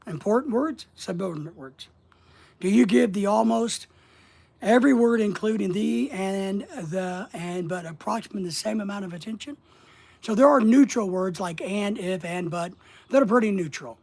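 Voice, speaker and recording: A middle-aged man coaching about social media in a folksy, deliberate way, asking his listeners question after question and pausing often. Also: sits high, creaky, darkish tone. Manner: folksy, asks the audience rhetorical questions, slow deliberate pauses. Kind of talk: motivational instructional monologue.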